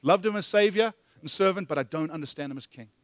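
Guy preaching a sermon, kinda high voice, repeats lines to drive them home, dry sound. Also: lively intonation, fast, no room sound. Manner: earnest preaching, repeats phrases for emphasis. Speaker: pastor.

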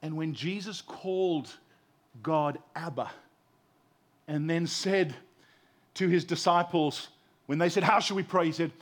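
Here a forties-aged pastor preaches slowly in a slightly high voice, pausing often. His sermon is impassioned, shifting between loud stresses and soft tenderness, with repeated words building toward his point.

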